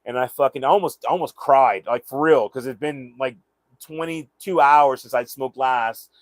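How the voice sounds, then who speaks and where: A man's voice: medium pitch, no echo. Rambling man, dry sound. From Southern United States. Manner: rambling, halting with repeated words. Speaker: vlogger. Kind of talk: casual storytelling.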